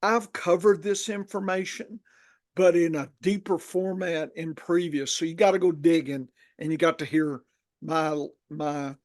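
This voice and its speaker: Folksy Southern man, higher voice. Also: fairly even intonation, a little slow, no room sound, studio quality. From Arkansas, USA. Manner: rambling, folksy, lots of restarts. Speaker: podcast host. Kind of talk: casual podcast chat.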